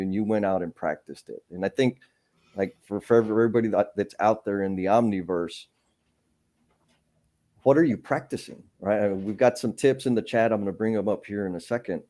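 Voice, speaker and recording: A man with a fairly low, warm, mellow voice hosts a live stream conversation. He talks candidly and earnestly, often restarting his sentences as he thinks aloud. His tone stays reflective and conversational. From San Antonio, Texas.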